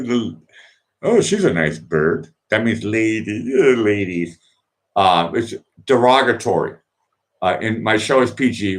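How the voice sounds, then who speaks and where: Rambling man in his fifties hosting. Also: low voice. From Boston, USA. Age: 50s. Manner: rambling and chatty, with many restarts and asides. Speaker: host of an online music request show. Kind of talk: casual late-night livestream chat.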